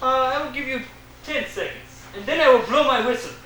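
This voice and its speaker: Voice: sits high, a little fast, sharp tone, a little hiss or hum. A young actor playing a blustering, mustached male desert sheikh in a school stage play, bellowing in comic outrage. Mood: threatening. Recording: echoey stage from far off.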